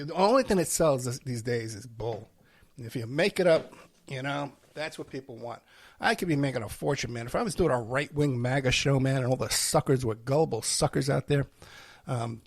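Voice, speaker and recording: A man hosts his own show and rambles through a sarcastic, self-mocking rant. His voice is gravelly and husky, sitting a little high for a man. The sound is close and dry. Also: no room sound. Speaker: host. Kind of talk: casual ranting monologue.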